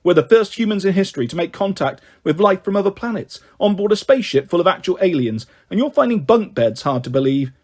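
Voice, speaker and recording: A man's voice: sits high, animated, quick pace, hardly any pauses. A man voicing a bold young girl in a storybook reading, teasing and matter-of-fact.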